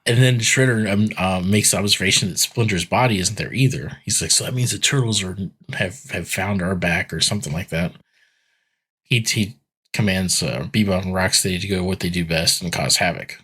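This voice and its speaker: A man's voice: low voice, moderate pace, fairly bright tone, slightly rough. A man co-hosting a podcast, casually recapping a cartoon episode in a rambling, filler-heavy way. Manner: rambling, filler-heavy retelling with acted quotes. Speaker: podcast co-host.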